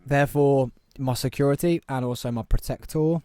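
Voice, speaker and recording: A man's voice: medium pitch, moderate pace, mellow, clean tone, no room sound. A young British man hosting a casual podcast, chatty and giggly, a little tipsy, joking with his friends in a small studio. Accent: British English. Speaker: podcast host. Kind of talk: casual chat. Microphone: headphones and studio mic.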